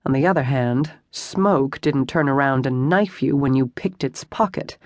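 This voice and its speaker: A steady audiobook narrator in scripted narration, mid-pitched and even. Recorded close on a studio mic, bone dry with no room at all. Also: measured pace, hardly any pauses, no room sound.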